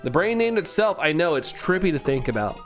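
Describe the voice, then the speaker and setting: A man's voice: fairly high pitch, very animated, brisk, fairly bright tone, soft background music. Chatty self-mocking male streamer. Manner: chatty, self-mocking, reads chat aloud and laughs often. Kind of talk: casual live-stream chat.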